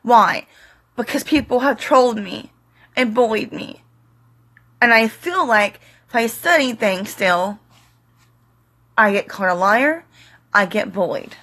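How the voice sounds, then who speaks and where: A middle-aged woman vlogging straight to camera, tearful, pleading and defiant, speaking in short halting fragments. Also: fairly high pitch, animated, a bit bright. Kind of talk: emotional direct-to-camera monologue.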